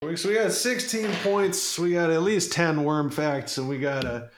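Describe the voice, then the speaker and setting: A man's voice: on the high side, moderate pace. A man co-hosting a podcast, chatting casually and reading aloud in a goofy, meandering way with plenty of swearing. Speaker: podcast co-host. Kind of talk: casual chat.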